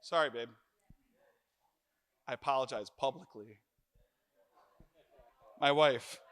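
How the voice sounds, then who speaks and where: A middle-aged man preaching a sermon in church, telling stories with jokes and lively animation. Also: medium pitch, takes it slowly. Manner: animated, joking storyteller.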